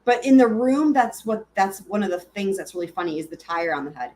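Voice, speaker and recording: A woman's voice: mid-range voice, lively intonation, fairly quick, darkish tone. A woman hosting a live stream, chatting casually and giggling as she answers her viewers.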